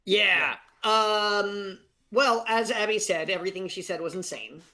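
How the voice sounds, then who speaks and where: A man's voice: sits high, a little slow. A man on a game stream, explaining his reasoning with lots of fillers and acting out his own reactions. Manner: animated, acts out quotes, hesitant fillers. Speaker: game-night guest player. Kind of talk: casual chat among friends.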